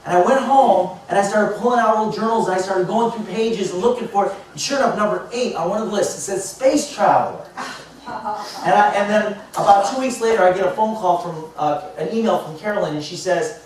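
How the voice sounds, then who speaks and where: A man in his fifties, a motivational speaker telling lively stories to a live audience and acting out both sides of conversations. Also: high voice, normal speed. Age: 50s. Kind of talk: storytelling talk to a live audience. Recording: echoey hall, mic far off, faint noise.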